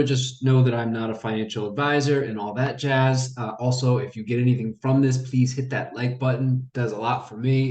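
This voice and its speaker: A man's voice: mid-range voice, a little mellow, reverberant. A man chatting casually to camera as a crypto vlogger, loose and joking as he talks.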